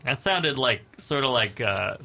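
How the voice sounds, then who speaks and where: A man's voice: mid-range voice, expressive, unhurried, gravelly, pushed and bright, slight background noise. A man co-hosting a radio show, joking wryly with frequent restarts. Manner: wry, stumbling restarts while joking. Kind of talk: casual comedic banter.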